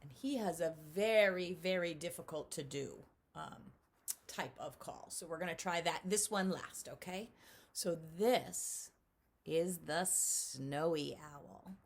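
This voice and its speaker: Gravelly woman teaching kids at home. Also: fairly low pitch, takes it slowly. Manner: animated, talks straight to kids, imitates owl calls. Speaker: children's author teaching at-home learners. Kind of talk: friendly lesson to children. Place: home, indoors.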